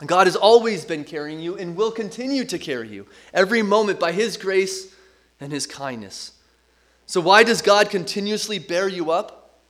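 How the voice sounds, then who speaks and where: A man's voice: high voice, expressive, normal speed, fairly bright tone. A middle-aged man preaching a sermon as pastor, earnest and emphatic, leaning on repetition.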